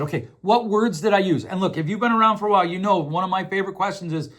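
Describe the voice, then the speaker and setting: Speaking fast with few pauses, a middle-aged man with a high, somewhat bright voice hosts a podcast. He explains things conversationally, repeats words as he works through ideas, and voices the people he quotes.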